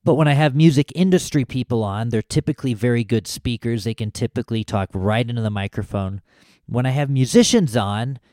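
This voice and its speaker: A man's voice: mid-range voice, a little mellow, no echo. A man hosting a podcast, talking casually and a little self-deprecatingly into a close microphone, with small restarts. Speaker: podcast host. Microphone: close studio podcast mic.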